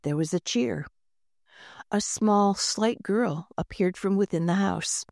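Woman reading a kids' storybook, really slow, gentle, dry close sound. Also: medium pitch, creaky, no room sound. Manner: gentle, unhurried reading with lightly voiced characters. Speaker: audiobook narrator. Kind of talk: scripted storybook narration.

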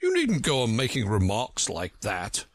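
Man doing a pompous, touchy storybook egg, lofty verse with big high swoops, dry close sound. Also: wildly swooping pitch, unhurried, no room sound. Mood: huffy. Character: proud touchy egg-shaped male storybook figure.

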